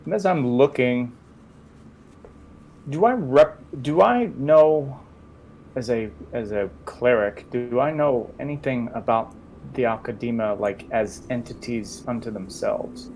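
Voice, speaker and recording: A man at a tabletop game describes what his character does in a thoughtful, rambling way. His voice has a gravelly fry, and his pitch sits mid-range. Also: unhurried, darkish tone, a little hiss or hum. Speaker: player.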